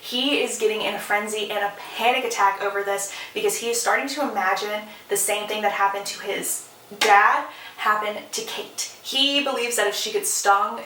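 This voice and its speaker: A woman's voice: mid-range voice, sharp tone, distant mic. Chatty woman recapping a book plot. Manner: chatty and opinionated. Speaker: book vlogger. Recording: echoey room, off-mic.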